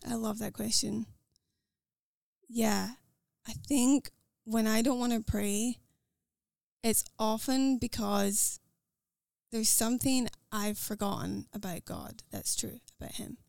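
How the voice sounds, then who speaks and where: An American woman with a Scottish-tinged accent, talking as a podcast guest in an earnest, quick way with fillers and restarts. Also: on the high side, creaky, a little mellow, dry recording, clean studio sound. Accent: American with a Scottish lilt. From United States. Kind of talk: casual conversational interview.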